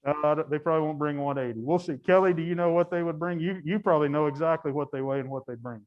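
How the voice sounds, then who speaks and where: A man's voice: a little high, quick pace, muffled recording. A man casually commenting while he watches cattle, chatty, laughing often and breaking off his sentences. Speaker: guide.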